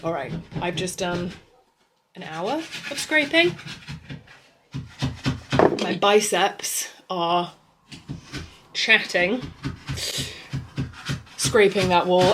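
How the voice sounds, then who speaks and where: A woman in her thirties chatting casually to camera at home in a family vlog, reflective and talkative, with soft laughs. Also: lowish voice, lively intonation, slow, long pauses, noisy background. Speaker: family vlogger.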